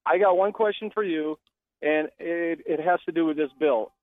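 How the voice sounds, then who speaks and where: A man calling in to a political talk radio show, talking in a halting, conversational way over the phone. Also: on the high side, no echo. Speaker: caller. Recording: tinny phone line.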